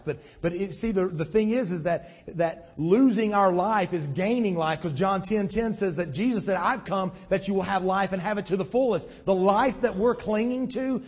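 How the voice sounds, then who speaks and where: A man preaching a sermon as pastor, animated and acting out Bible scenes in shifting voices. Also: sits high, husky. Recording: long church reverb.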